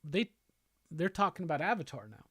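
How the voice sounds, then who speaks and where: A man's voice: on the high side, big pitch swings, brisk, bright, forceful tone, slightly rough, no room sound, clean studio sound. A man hosting a live show, chatting loosely and profanely while reading viewer comments aloud. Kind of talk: casual livestream chat.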